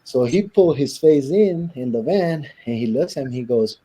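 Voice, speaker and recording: A man from Southern California speaks as an interview guest in a very dark, mellow voice with a husky edge. He tells his story bluntly and with rough language, and he acts out the lines of the people in it. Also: mid-range voice, expressive, normal speed, low-quality recording.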